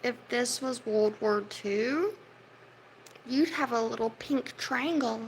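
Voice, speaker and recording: A woman's voice: on the high side, slow pace, slight background noise, poor audio. A woman livestreaming, ranting heatedly at her viewers' comments and swearing as she scolds them. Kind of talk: livestream rant at chat.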